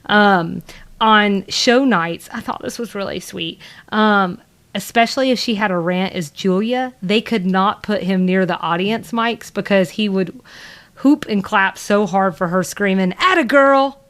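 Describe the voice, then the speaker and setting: A woman's voice: mid-range voice, a little slow, fairly bright tone. Chatty rambling Southern woman. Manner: rambling, lots of fillers and laughs. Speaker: podcast co-host. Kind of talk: casual chat.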